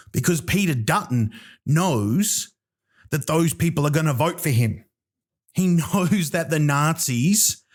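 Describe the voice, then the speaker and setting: A heated Australian man in his own podcast, ranting with profane emphasis and stumbling restarts as he pushes each point. His voice sits at an ordinary mid pitch for a man. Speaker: podcast host. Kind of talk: angry comedic rant.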